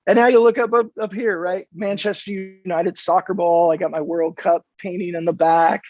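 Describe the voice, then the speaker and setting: Here his voice is high-pitched and his pace moderate, with no echo on the dull, dry remote recording. The Californian podcast guest, in his fifties, animatedly acts out dialogue while telling stories in a relaxed interview.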